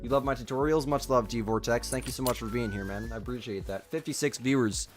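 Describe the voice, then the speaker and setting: A man's voice: mid-range voice, fast talker, faint music behind. A young man chatting casually on a live gaming stream, reading chat and talking through a nagging cough. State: sick with a cough.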